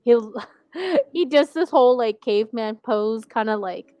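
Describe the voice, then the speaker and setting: A woman co-hosting a casual TV recap podcast, rambling and animated, saying "like" constantly and laughing often. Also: fairly high pitch, a little slow, no echo. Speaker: podcast co-host.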